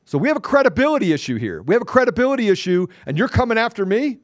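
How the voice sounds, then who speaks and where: A man with a high, lively voice, hosting a podcast and launching into a combative, taunting rant. He hammers his points with repeated phrases and mild cursing. The recording is dry and close, with no room sound. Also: fast talker, dry recording. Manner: curses mildly, repeats phrases for emphasis. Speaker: podcast host.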